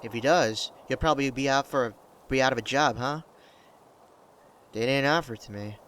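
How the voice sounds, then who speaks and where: A man's voice: medium pitch, normal speed, a bit bright, close to an everyday voice. A man reading as a hesitant adult daughter. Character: anxious grown daughter on the phone.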